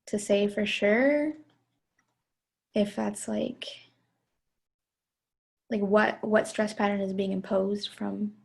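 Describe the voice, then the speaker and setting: A woman's voice: medium pitch, gravelly, a little mellow, breathy edge. A young woman, a student presenter, answering questions about her research with many fillers and self-corrections. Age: young adult.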